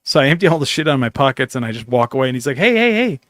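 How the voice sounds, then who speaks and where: A man's voice: medium pitch, very fast, dry recording, clean studio sound. A man hosting a podcast, telling a long story in a loose, rambling way with plenty of swearing, acting out bits of dialogue as he goes. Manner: rambling, profane, acts out his own dialogue. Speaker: podcast host. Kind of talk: casual storytelling chat.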